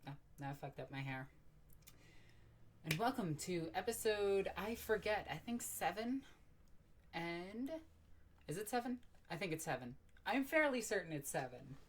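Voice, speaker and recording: Low-voiced lady streaming from home, rambly, swears a lot, jokes at herself. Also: very animated, unhurried, pauses often, a little hiss or hum. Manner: rambling, self-mocking, swears freely. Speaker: live stream host. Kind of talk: casual live stream chat. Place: at home by her computer.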